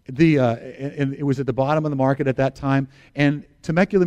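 A man's voice: mid-range voice, darkish tone. A middle-aged American man preaching a sermon as pastor, earnest and emphatic, repeating phrases for stress.

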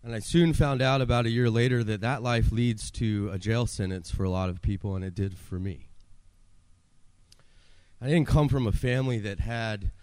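A man's voice: lowish voice, normal speed, a little mellow, dry recording. A man in his forties telling his own life story to an audience as a personal testimony, earnest, acting out his past pleas.

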